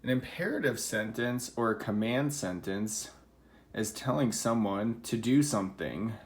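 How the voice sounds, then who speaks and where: A man's voice: lowish voice, animated, unhurried. Patient man teaching a reading lesson. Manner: patient, explaining, acts out example sentences. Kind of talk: recorded classroom lesson for children.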